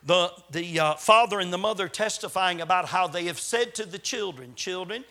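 A man preaching a sermon as a visiting preacher, swinging between loud appeals and hushed asides. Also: sits high, normal speed. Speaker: traveling preacher.

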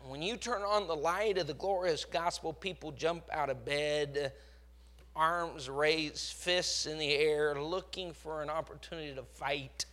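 A man's voice: a little high, unhurried, pushed and bright. A man with a Texas accent preaching a sermon, with emphatic surges in volume. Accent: Texan.

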